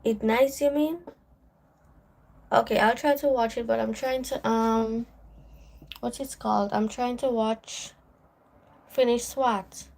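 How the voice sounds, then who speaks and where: A woman's voice: a little high, fairly even intonation, slow pace, creaky, long pauses, a little mellow. A woman with a Caribbean accent hosting a casual morning livestream, chatting away as she reads viewer comments aloud and answers them. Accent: Caribbean English. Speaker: livestream host.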